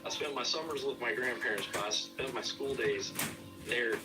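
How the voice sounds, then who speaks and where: A man in easy podcast chat, winding through anecdotes and leaning on "I kid you not". He sits back from the microphone, so his voice sounds distant. A clear music bed plays behind him the whole time. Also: mid-range voice, normal speed. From Southern California. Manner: rambling storyteller, frequent "I kid you not". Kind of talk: casual chat.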